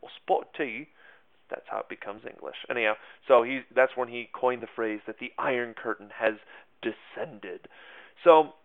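A man's voice: medium pitch, fairly even intonation, moderate pace, gravelly. Male teacher, casual lecture style with filler words and wry asides; thin, phone-like recording. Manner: chatty, self-mocking asides, many fillers. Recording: tinny phone-like sound.

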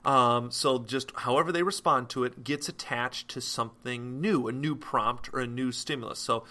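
A man explains a psychology topic in a relaxed classroom style. His voice is bright and forward. He talks loosely, with plenty of fillers and quick self-corrections. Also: medium pitch. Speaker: psychology teacher. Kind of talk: casual explanatory lecture.

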